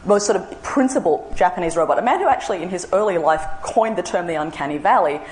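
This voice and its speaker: A woman's voice: quick pace, reverberant, rough recording. A woman giving a talk, telling an anecdote and acting out both sides of a conversation with big jumps in her voice. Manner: animated, acts out both sides of a dialogue with big pitch jumps. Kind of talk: storytelling lecture.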